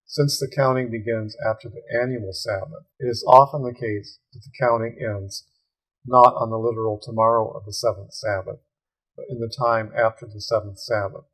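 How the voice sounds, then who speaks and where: Husky man methodically parsing Hebrew text. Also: mid-range voice. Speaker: Bible Hebrew teacher. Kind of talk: screen-share Hebrew grammar lesson.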